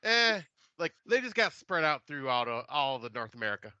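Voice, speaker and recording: A man's voice: mid-range voice, sing-song, fairly quick, pushed and bright, clean tone. A man co-hosting a podcast, answering in easygoing, laid-back casual chat. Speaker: podcast co-host. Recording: dull lo-fi sound.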